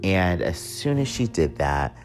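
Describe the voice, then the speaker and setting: A man's voice: sits low, very animated, measured pace, soft background music. A young man telling a personal story in a candid, profane way, with wry joking asides.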